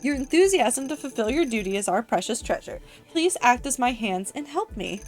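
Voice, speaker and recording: A woman's voice: fairly high pitch, expressive, moderate pace, faint music behind, pitched above the performer's own voice, close to an everyday voice. A woman voicing a doting, theatrical female AI machine that speaks in fawning, flowery praise.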